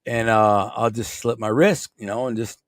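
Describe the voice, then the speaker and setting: A man's voice: medium pitch, fairly even intonation, normal speed, no echo, studio quality. A middle-aged man from Michigan with a Michigan accent, telling a rambling story in blunt, streetwise words as a podcast guest. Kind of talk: casual storytelling.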